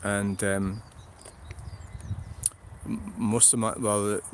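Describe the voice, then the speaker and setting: A man's voice: lowish voice, flat delivery, extremely slow. Scottish guy rambling outside in a field, blunt n sweary, laughs a lot, bit of faint noise behind. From Scotland. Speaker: vlogger. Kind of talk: rambling livestream chat. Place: outdoors in a field.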